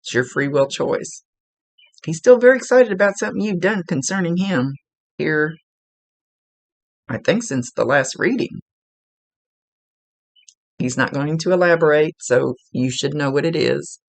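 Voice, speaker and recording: A woman's voice: deep voice, lively intonation, a little slow, long pauses, no echo. A woman working as a psychic medium, talking through a casual one-on-one reading in a chatty, rambling way, often restarting her sentences.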